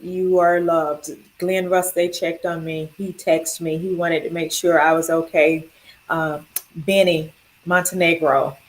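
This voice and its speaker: Heartfelt woman with a lowish voice. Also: poor audio. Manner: heartfelt, rambling through long lists of thank-yous. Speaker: cancer survivor sharing her story. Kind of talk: personal video testimony.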